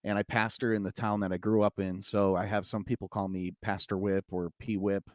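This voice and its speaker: A man who works as a pastor talks in a relaxed, jokey way. He tells a story with put-on voices, and his voice sits a little low. The room is dry, with no echo. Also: fairly quick. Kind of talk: casual chat.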